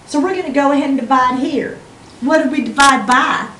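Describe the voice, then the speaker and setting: A woman's voice: high-pitched, fairly quick, pushed and bright, reverberant, far from the mic, a little hiss or hum, rough recording. A woman voicing a chatty math teacher from Georgia with a put-on Southern accent. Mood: folksy. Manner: folksy, drawling, chatty.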